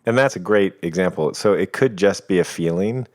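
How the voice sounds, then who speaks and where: A man talking as a podcast guest, explaining ideas in a calm, reflective and playful way. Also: sits low, moderate pace. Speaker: guest, coach. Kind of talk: reflective conversation.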